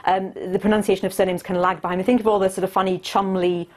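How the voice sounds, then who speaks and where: A woman explaining word pronunciation as an expert guest, speaking from a remote studio in a measured, explanatory way. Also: medium pitch, flat delivery, darkish tone.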